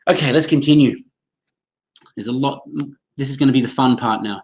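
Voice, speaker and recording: A man's voice: medium pitch, fairly quick, poor audio. A man running a live webinar for teachers, speaking enthusiastically, calling on attendees by name and modelling pronunciation aloud over a computer mic. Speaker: teacher trainer hosting a webinar.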